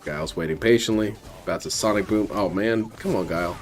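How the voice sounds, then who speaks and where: A man with a fairly low voice hosts and comments over a replayed stream. He makes mocking, dry jabs at the player. Faint music sits behind him. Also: brisk. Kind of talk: sarcastic live commentary.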